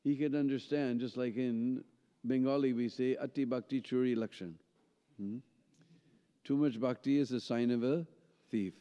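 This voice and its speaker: A man tells a lively story at a seminar. He pauses often with a questioning "hmm?" to keep his listeners with him. His voice sounds dark and mellow, and it carries a long hall reverb on a dull, muffled recording. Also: medium pitch, clear, resonant tone. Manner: animated storyteller, frequent "hmm?" and "huh?" checks to listeners. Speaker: seminar speaker. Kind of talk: storytelling lecture. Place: temple hall.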